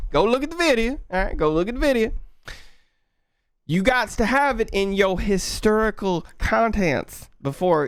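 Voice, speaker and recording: A man's voice: high-pitched, clean tone, no room sound, studio quality, voice pushed up. A man putting on an exaggerated Southern redneck accent while live coding and talking to his chat. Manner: loud, playful, drawling, talking to chat. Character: exaggerated Southern redneck coder, male, boastful and folksy. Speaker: livestreaming programmer.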